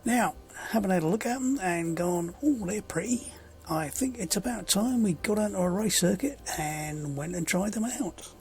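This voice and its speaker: A man giving relaxed, rambling gameplay commentary as a sim racing video host, with many fillers and dry sarcasm. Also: high-pitched, moderate pace, few pauses, soft background music.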